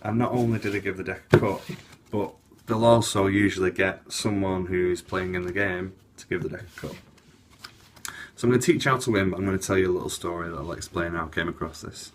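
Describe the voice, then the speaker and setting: A card magician with a low, slightly fast male voice tells a casual anecdote as chatty storytelling patter for a trick, leaning on "I'm like" a lot. Slight background noise sits behind him.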